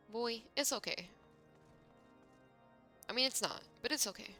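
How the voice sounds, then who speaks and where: A woman's voice: on the high side, measured pace, long pauses, sharp tone, soft background music. A young woman streaming a game, chatting casually and teasing the characters on screen. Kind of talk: casual gameplay commentary.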